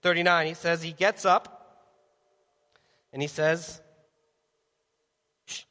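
High-voiced preacher in a reverberant hall. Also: male voice, unhurried. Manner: animated, acts out voices of worried people and Jesus; asks the audience direct questions. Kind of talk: sermon. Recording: long reverb of a large hall.

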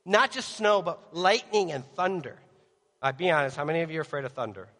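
Male preacher, high-pitched, animated delivery with acted-out voices, hall reverb. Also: a little fast. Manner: animated, acts out voices of worried people and Jesus; asks the audience direct questions. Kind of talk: sermon. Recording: long reverb of a large hall.

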